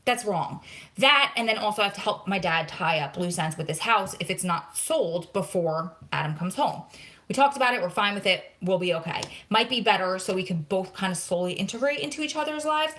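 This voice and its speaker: A woman's voice: mid-range voice, brisk. A woman in her thirties from New Jersey, hosting a casual live question-and-answer vlog, telling stories with lots of quoted back-and-forth and sounding close to tears. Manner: chatty, animated storytelling with quoted dialogue. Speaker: vlog host.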